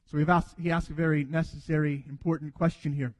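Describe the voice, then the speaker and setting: A man's voice: fairly high pitch, level tone, fast, darkish tone, long reverb tail. A man preaching a sermon earnestly, acting out quoted dialogue as he goes. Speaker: pastor.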